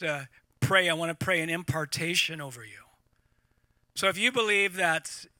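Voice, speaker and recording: A middle-aged man preaching to a live congregation, animated and repeating words as he talks. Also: fairly high pitch, dry recording. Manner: animated, repeats words, laughs at own points. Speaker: pastor.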